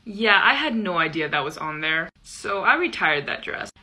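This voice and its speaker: A woman telling a funny personal story to camera in a chatty, animated way, with plenty of "like" fillers. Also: fairly low pitch, normal speed.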